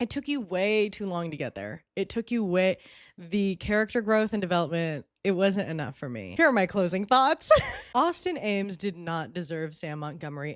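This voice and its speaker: A young woman recapping a movie in casual vlog commentary, animated, sarcastic and exasperated. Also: fairly low pitch, moderate pace, no room sound, studio quality. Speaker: vlogger.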